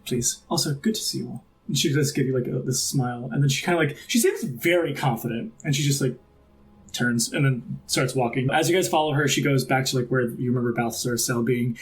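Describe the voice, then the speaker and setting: A man game master narrating a tabletop role-playing game, talking in a loose, rambling way packed with fillers. His voice sits at an ordinary middle pitch. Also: a little fast.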